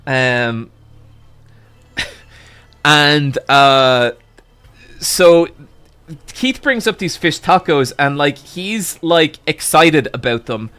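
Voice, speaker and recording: A man streamer telling a long story in a casual, animated way, swearing freely and jumping into excited exclamations. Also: fairly high pitch, extremely slow, long pauses, clear, resonant tone.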